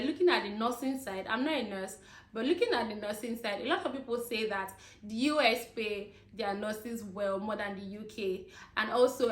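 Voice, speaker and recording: A woman's voice: medium pitch, roomy sound. A young woman from Nigeria, ranting casually to her viewers and laughing between points. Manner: chatty, laughing asides, addresses viewers as guys. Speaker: vlogger. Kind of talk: casual rant to camera.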